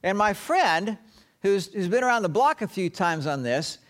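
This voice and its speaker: A man preaching a sermon, telling the story dramatically and often dropping to a hushed, low tone. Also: very animated, normal speed. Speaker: pastor.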